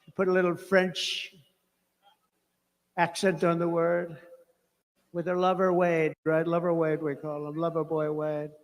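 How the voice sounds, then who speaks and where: A man with a fairly high voice delivers a loose, emphatic rally speech. He doubles back on phrases and tosses in mocking asides. His voice carries a long reverb tail through the venue's PA. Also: monotone, unhurried, pauses often. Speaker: political candidate at a rally.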